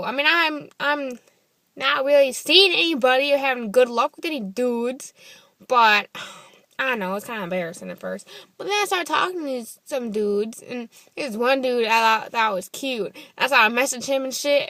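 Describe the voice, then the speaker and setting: A woman's voice: fairly high pitch, moderate pace, bright, forceful tone, dry recording. A young woman telling a story to camera in a casual vlog, blunt and swearing freely, acting out the texts in quoted voices. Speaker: vlogger.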